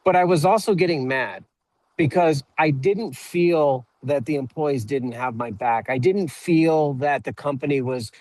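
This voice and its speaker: A man who owns an auto repair shop, speaking as a guest on a webinar and telling a story in a halting way, often repeating words as he starts a sentence. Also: fairly high pitch, darkish tone, no room sound, poor audio. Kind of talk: conversational storytelling.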